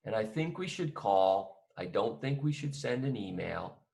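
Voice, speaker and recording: A man's voice: lowish voice, lively intonation, a little slow, vocal fry, mellow. A man teaching an accounting lesson in a conversational way, acting out both sides of a phone call with a client.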